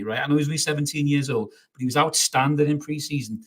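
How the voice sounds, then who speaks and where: A man's voice: fairly high pitch, fast, hardly any pauses, fairly bright tone, breathy edge. A man hosting a live football reaction stream, ranting bluntly, swearing and reading out viewer comments. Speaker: football fan channel host. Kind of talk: live match reaction rant.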